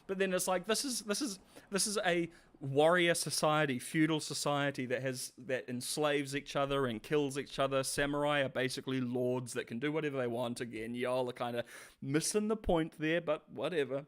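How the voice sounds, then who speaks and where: A man's voice: fairly high pitch, normal speed. A man streaming live, chatting casually with viewers and rambling sarcastically with frequent restarts.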